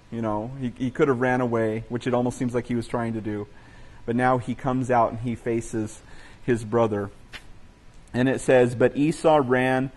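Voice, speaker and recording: A man's voice: medium pitch, darkish tone. A male pastor preaching a sermon, telling stories in a conversational way with many restarts and asides. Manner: conversational storytelling with frequent "you know" and restarts.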